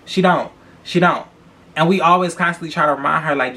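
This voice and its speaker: A young man hosts a casual celebrity gossip podcast. He talks in a blunt, profane, animated way and hammers his points home by repeating himself. His voice is bright and forceful and sits fairly high for a man. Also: brisk. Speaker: podcast host.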